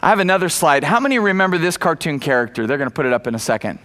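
High bright-voiced male preacher. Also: big pitch swings, racing. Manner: emphatic, repeats key phrases, calls on the congregation. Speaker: pastor. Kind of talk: sermon.

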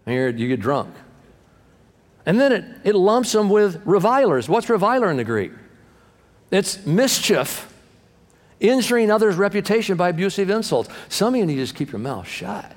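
Animated preaching man in a reverberant hall. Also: high voice, moderate pace. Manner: animated preacher acting out quoted voices, swinging loud and soft. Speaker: pastor. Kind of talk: sermon.

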